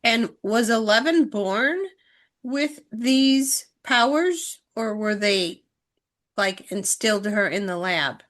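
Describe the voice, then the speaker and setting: A woman's voice: fairly high pitch, lively intonation, slow pace, a bit bright. A middle-aged woman co-hosting a casual podcast chat, retelling TV scenes in long run-on chains of "and". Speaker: podcast co-host, mother. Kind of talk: casual chat recapping a TV show.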